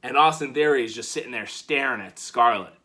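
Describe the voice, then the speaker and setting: A man casually recapping a wrestling show, animated and playful, acting out the quotes he retells. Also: mid-range voice, fairly quick.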